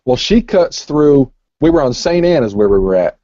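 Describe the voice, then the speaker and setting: A man's voice: fairly high pitch, very animated, normal speed, dark tone, no echo. A man rambling through a long, crude story in casual chat, swearing constantly. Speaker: podcast co-host. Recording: muffled lo-fi recording.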